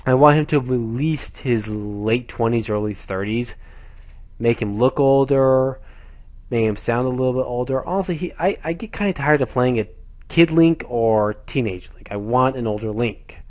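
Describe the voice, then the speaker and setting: A man's voice: mid-range voice, moderate pace, darkish tone. A man giving a casual, rambling opinion monologue on video games, pleading and repeating himself. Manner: pleading, repetitive, addresses the company directly. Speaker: gaming vlogger.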